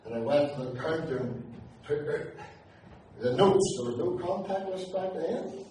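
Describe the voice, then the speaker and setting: A man with a Northern Irish accent telling a humorous personal story to an audience, acting out the dialogue with lively energy. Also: a little high, unhurried, a little hiss or hum. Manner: animated, acts out dialogue. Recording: very echoey hall, distant mic.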